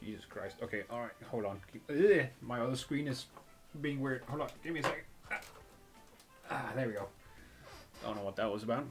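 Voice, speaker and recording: A man's voice: mid-range voice, brisk, long pauses, music in the background. A man hosting a let's play, reading a story game aloud in a casual, jokey way with frequent laughs.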